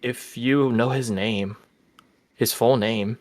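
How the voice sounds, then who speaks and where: A man's voice: mid-range voice, fairly even intonation, slow pace, dry recording, lightly acted. A man voicing an earnest young girl witch with a grimoire in a tabletop game, stammering and hesitant. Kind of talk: tabletop game role-play.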